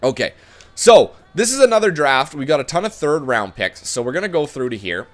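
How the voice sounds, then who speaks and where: A man's voice: a little high, very animated, a little fast, soft background music. A man giving casual commentary on a sports management game, chatty and thinking aloud, often correcting himself as he goes. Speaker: gaming YouTuber.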